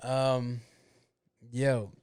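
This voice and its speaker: A man's voice: medium pitch, level tone, very slow, a little mellow, clean tone, no room sound. A man hosting a casual solo podcast, ranting bluntly with a lot of swearing and grumbling to himself about his own mistakes. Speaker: podcast host.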